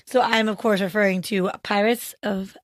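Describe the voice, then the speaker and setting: A woman's voice: mid-range voice, steady tone, moderate pace, no echo, studio quality. A woman co-hosting a podcast, chatting casually and laughing easily. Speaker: podcast co-host. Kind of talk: casual chat.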